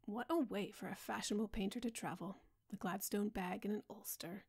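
A woman narrating a classic novel as a calm, soft bedtime audiobook. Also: medium pitch, a little fast, creaky, hardly any pauses, slightly rough.

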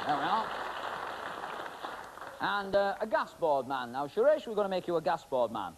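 A man's voice: sits high, very animated, moderate pace, long pauses. A middle-aged man doing comic stage patter with volunteers as a magician host, chatty and teasing with many fillers. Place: TV studio stage with live audience. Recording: hissy 1980s TV broadcast.

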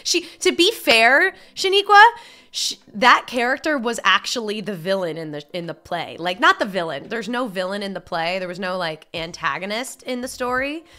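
A woman's voice: medium pitch, expressive, normal speed, hardly any pauses, pushed and bright. A young woman, chatting casually as a streamer while gaming and reading chat. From upstate New York. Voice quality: nasal. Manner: chatty and rambling, with frequent filler words.

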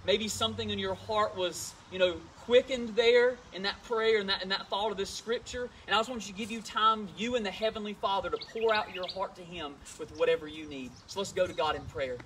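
Pastor, male, high voice, earnest and gentle prayer leader, faint noise in the background. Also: a little fast, hardly any pauses, distant mic. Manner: earnest, gentle, repeats words as he goes. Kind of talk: sermon and prayer. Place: church service.

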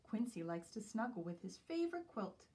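A woman teacher reading a picture book aloud to young children in an expressive storytelling voice. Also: a little high, moderate pace, recorded from a distance. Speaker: preschool teacher.

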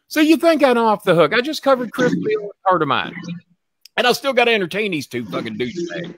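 Male host, bright lively voice, rambles and swears, dry close sound. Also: very high voice, fairly quick, no room sound. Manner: rambling, profane, repeats himself. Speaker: show host. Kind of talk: casual storytelling chat.

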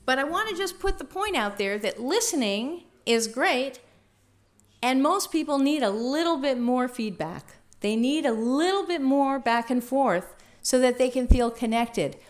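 A woman trainer leading a workshop, talking in a lively, conversational way and asking the room questions. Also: sits high, unhurried. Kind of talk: teaching a workshop.

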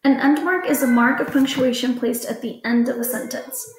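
A woman's voice: high voice, steady tone, normal speed, slight background noise. Woman teacher explaining in an echoey room. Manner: patient, plain explaining to children. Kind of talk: recorded classroom lesson.

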